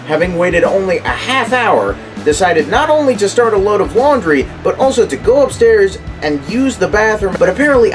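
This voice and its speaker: A young man, a YouTuber, giving casual, candid reaction commentary and telling stories with some swearing. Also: sits high. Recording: voice with background music.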